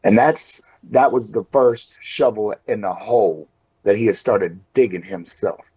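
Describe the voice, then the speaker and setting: A man's voice: on the low side, a little slow, mellow, breathy edge. A man from West Virginia cutting an intense, folksy in-character wrestling promo. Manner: folksy and intense, calls people brother. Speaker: pro wrestler. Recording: dull lo-fi audio.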